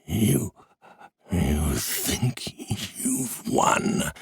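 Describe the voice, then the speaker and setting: A man voicing a half-mad undead king who rants in a raspy, hysterical voice. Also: low voice, big pitch swings, very slow, no room sound, exaggerated voice. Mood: menacing. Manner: shrieking boasts, hysterical. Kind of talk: audiobook character voice.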